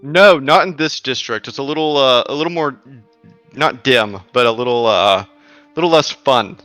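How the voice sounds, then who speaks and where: A man narrating as game master in a tabletop game, casual and halting with many fillers. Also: medium pitch, a bit bright, no room sound, faint music behind.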